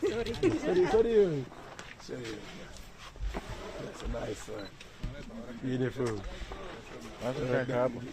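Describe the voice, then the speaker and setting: A man leads a live guided tour of an elephant sanctuary, praising guests' photos and explaining the elephants with encouragement. He speaks slowly with long pauses and big pitch swings at medium pitch, against noisy crowd chatter outdoors.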